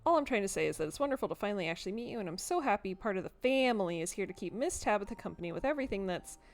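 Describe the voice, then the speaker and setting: A woman's voice: medium pitch, expressive, very fast, natural voice. A woman voicing a chirpy, overeager young housecleaner who talks in a gushing, bubbly way in a video game.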